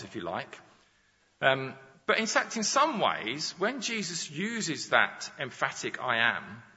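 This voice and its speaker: A man preaches a teaching sermon, his pitch rising and falling freely as he works through examples and questions. His tone is bright and forceful. The sound is dull and rings with long reverb through a large church hall.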